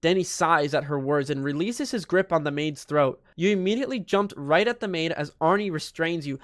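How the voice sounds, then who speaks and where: In a high voice, a young YouTuber races through a fan story fairly quickly with hardly any pauses, dropping in joking, sarcastic asides and mock-dramatic voices. The sound is clean studio quality with no room sound.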